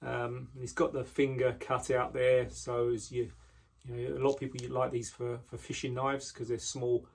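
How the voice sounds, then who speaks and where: A man casually showing the knives he makes, talking in a relaxed way with frequent ums and restarts, indoors in his workshop. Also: mid-range voice, moderate pace, gravelly, few pauses. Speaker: knife maker. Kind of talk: casual product walkthrough.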